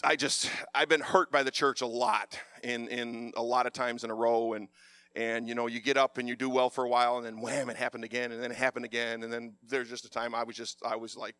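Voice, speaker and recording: A man preaching a sermon, passionate and animated, with a loud voice. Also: medium pitch, brisk, no room sound.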